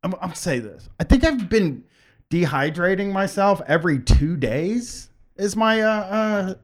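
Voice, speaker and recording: A man hosting a podcast, talking in a rambling, halting way with many restarts. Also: high-pitched, lively intonation. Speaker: podcast host. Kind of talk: casual chat.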